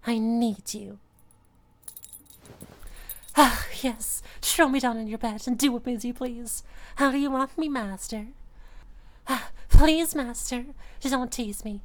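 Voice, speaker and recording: A young woman doing a breathy, devoted catgirl pet in an intimate audio role-play. She pleads in a slow, drawn-out way with a voice pitched a little high. The lines come with sighs and soft gasps. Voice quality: breathy, sighing.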